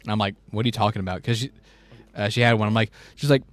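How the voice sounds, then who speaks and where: A man's voice: lowish voice, steady tone, racing. A young man co-hosting a casual chat, telling a long story in a rambling way with many restarts and acting out the people he quotes. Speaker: podcast co-host.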